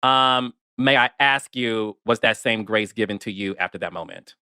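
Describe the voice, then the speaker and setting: A man's voice: fairly low pitch, normal speed, clear, resonant tone, dry recording, studio quality. A man interviewing a guest, candid and openly emotional, casual in his speech. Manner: warm-hearted, candid, emotional. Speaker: interviewer, producer. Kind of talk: interview chat.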